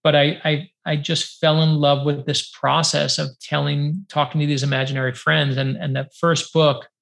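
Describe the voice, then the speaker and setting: A middle-aged man from New York, an author guest telling lively stories in a podcast interview over a video call, acting out the dialogue he recalls. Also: a little high, normal speed, vocal fry. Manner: lively, acts out quoted dialogue, many fillers of 'like'. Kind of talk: animated storytelling in a podcast interview.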